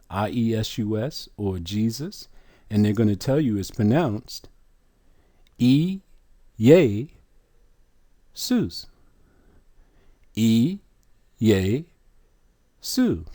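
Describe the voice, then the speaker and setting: A man with a lowish, mellow voice teaches a religious lesson at a very unhurried pace. He hammers each point home and keeps asking the listener whether they follow. The sound is dry and close, with no room around it. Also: no echo. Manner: slow, emphatic, questioning the listener.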